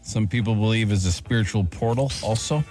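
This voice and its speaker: A male radio host telling stories in casual banter, laughing often and jumping into a high register for emphasis. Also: brisk, darkish tone, soft background music. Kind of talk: casual morning show banter.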